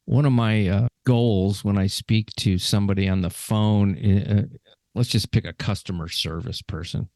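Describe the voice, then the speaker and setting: A man's voice: lowish voice, steady tone, normal speed, darkish tone, no echo, clean studio sound. A man hosting a podcast in casual conversation, talking in a chatty, rambling way with frequent restarts. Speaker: podcast host.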